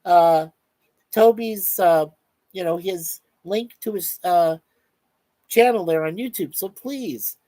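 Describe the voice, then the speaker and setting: A man's voice: high voice, takes it slowly, mellow, dry recording. Chatty man reading live chat. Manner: reads viewer comments aloud, chatty and upbeat. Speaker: show host. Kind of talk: casual live-stream chat.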